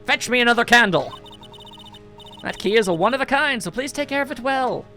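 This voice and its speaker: A man's voice: very high-pitched, expressive, a little fast, sharp tone, faint music behind, voice pushed up, heavily acted. A man doing a stately stern older woman. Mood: formal. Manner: formal, ceremonious.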